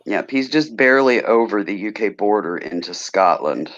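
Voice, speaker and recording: A man co-host in casual chat, relaxed and hesitant with many fillers. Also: lowish voice, normal speed. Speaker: podcast co-host. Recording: dull lo-fi recording.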